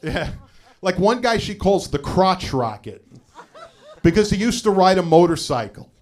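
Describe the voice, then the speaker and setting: A middle-aged man on stage with a voice that sits a touch high for a man. He tells his stories casually, dropping "you know" between lines and delivering the punchlines flat and dry. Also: a little slow. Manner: conversational storytelling with frequent "you know" asides. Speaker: stand-up comedian. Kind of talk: live stand-up set.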